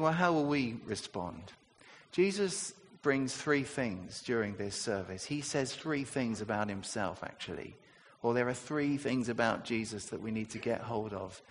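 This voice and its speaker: A man's voice: medium pitch, in a large hall, slight background noise. A man preaching a sermon in a conversational way, asking his listeners rhetorical questions.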